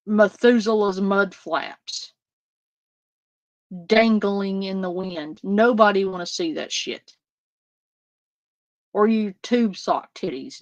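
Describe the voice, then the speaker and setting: A woman's voice: mid-range voice, no room sound, dull audio. A woman, ranting profanely and with exasperation as she reacts live on her stream.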